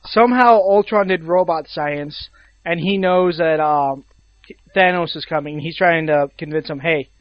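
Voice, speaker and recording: A man co-hosting a casual chat who drops in dry, joking remarks. His voice is fairly high for a man. The recording is dull and lo-fi, with no echo at all. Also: measured pace. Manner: wry, joking asides.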